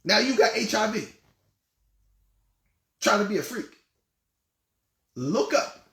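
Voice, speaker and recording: Blunt high-voiced man scolding listeners. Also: sing-song, takes it slowly, bright, forceful tone, echoey room. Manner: blunt, scolding, mocking, laughs often. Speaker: host and life coach. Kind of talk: relationship advice monologue.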